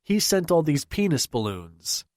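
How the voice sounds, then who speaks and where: A man's voice: fairly high pitch, very animated, unhurried, no room sound, studio quality, pitched above the performer's own voice. A man voicing a chatty, teasing young woman in an audiobook, blurting things out.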